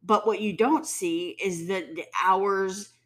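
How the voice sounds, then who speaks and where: A woman in a heated, profane rant. She speaks bluntly and mocks people with sarcastic mimicry. Her voice sits in a middle pitch. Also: steady tone, slow. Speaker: commentator. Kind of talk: ranting commentary.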